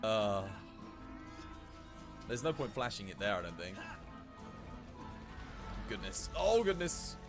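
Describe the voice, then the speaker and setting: A British man streaming a game, giddy and excitable, greeting his viewers. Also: on the low side, slow, long pauses, over music. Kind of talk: live game stream commentary.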